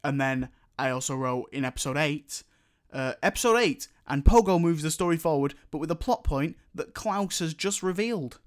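A man in casual chat, opinionated and animated as he rants. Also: fairly high pitch, normal speed.

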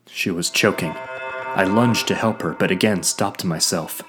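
A man reading a first-person story as a narrator, measured and sometimes hushed. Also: low-pitched, slightly rough. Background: faint background music.

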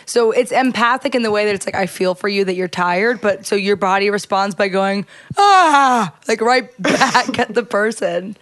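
A woman's voice: mid-range voice, moderate pace, hardly any pauses, a bit bright, no echo, studio quality. A woman co-hosting a casual chat over a video call, explaining things at length with plenty of filler words. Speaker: co-host.

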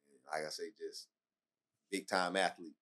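A man's voice: low-pitched, fairly even intonation, normal speed, pushed and bright. A man hosting a podcast who asks rambling, hesitant questions full of restarts. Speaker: podcast host. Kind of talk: casual interview talk.

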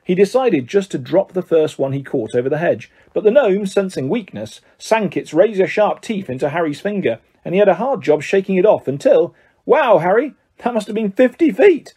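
A man narrates a story aloud with animated, expressive delivery. His voice is warm, mellow and slightly husky, with pitch that moves freely. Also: brisk, hardly any pauses. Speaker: audiobook narrator. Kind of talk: scripted narration.

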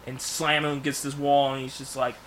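A man in casual podcast chat, pitching a movie plot in rambling bursts with many restarts. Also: little pitch movement, brisk, a little hiss or hum. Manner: rambling storyteller, many restarts, bursts of loud acted lines. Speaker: podcast co-host.

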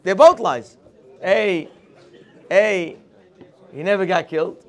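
Man, religious teacher, high voice, slow deliberate pace, expressive storytelling. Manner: expressive storytelling, mixes Hebrew quotes with English. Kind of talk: daily morning Torah class.

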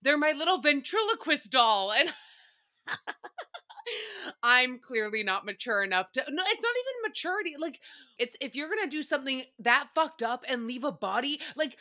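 Bright, chatty woman podcast host. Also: high voice, a little fast. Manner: chatty, animated, swearing and laughing. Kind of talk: solo recap podcast.

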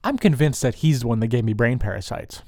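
A man's voice: mid-range voice, lively intonation, fast talker, mellow, slight background noise. A man rambling through a crude, profane solo monologue into a close microphone.

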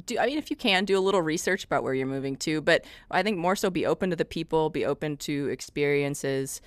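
Low-voiced woman from the Midwest. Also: animated, quick pace, no room sound. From American Midwest. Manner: frank, self-deprecating, laughs often. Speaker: guest. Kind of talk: casual podcast chat.

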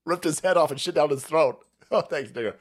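A man's voice: a little high, a little fast, noisy background. A man hosting a livestream, ranting crudely and mockingly about the news and reading chat messages aloud. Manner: crude, mocking, puts on voices for quotes. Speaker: livestream host. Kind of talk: profane political rant stream.

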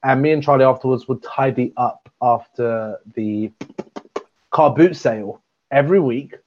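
A man in his twenties, hosting and telling stories in a playful, animated way among old friends. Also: medium pitch, moderate pace, a little hiss or hum. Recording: dull lo-fi sound.

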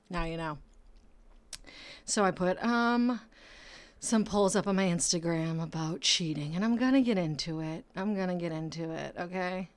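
A woman hosting her own podcast, talking loosely and playfully in casual solo chat, now and then dropping to a soft whisper. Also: fairly low pitch. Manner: chatty, self-deprecating, loose and playful. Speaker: podcast host.

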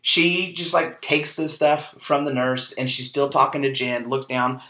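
Bright-voiced man telling a story in an echoey room. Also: medium pitch, measured pace. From Kansas, US. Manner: animated storyteller, acts out quoted dialogue, frequent fillers. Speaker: podcast host. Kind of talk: casual personal storytelling.

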